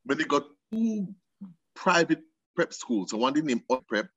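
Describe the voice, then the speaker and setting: A middle-aged man with a Jamaican accent, born in England, telling stories as a guest in a relaxed interview, laughing often and imitating voices. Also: a little high, moderate pace, husky, no room sound, muffled recording. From England, raised in Jamaica from age seven. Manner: animated storyteller, laughs often, mimics voices. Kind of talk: casual interview chat in Jamaican Patois.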